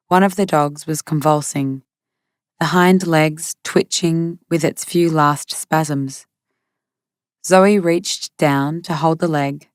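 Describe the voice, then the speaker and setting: Steady woman narrating an audiobook. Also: low-pitched, no echo, clean studio sound. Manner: measured, steady. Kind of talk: scripted narration.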